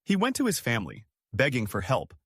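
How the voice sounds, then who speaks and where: A man's voice: mid-range voice, huge pitch swings, a little fast, slightly rough, no room sound, clean studio sound. A man narrating a first-person story in a dramatic scripted storytelling manner.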